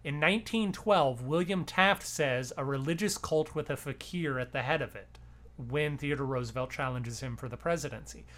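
A man's voice: mid-range voice, moderate pace, fairly bright tone. A man hosting a podcast, chatting casually and telling stories. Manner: storytelling, reads out quotes. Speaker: podcast host.

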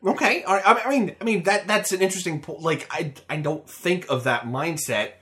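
Animated man chatting on a podcast. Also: high voice, a little fast. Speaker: podcast co-host. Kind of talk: casual gaming podcast chat.

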